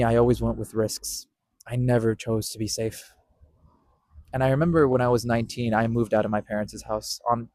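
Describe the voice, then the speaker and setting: A man's voice: medium pitch, a little mellow, no room sound. A young man hosting a podcast, earnestly telling a personal story, repeating himself and stopping to correct his own words. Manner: earnest, repetitive, with self-corrections. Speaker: podcast host.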